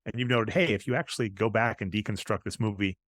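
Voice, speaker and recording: Rambling low-voiced male podcast host. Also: fast talker, fairly bright tone, dry recording. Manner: rambling, talks in long run-on stretches; admits to going off on tangents. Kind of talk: casual chat.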